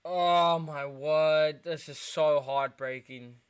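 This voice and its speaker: Young english guy on a football watchalong stream, gutted and sighing, slow and smooth. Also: a little high, fairly even intonation. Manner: dejected, sighing, talking to chat. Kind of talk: live football watchalong reaction.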